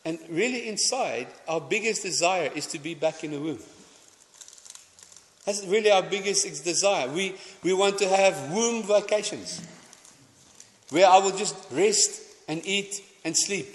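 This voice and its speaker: Preacher in a reverberant hall. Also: male voice, high-pitched, unhurried. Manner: conversational, anecdotal, stumbling restarts, mixing in Afrikaans phrases. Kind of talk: sermon.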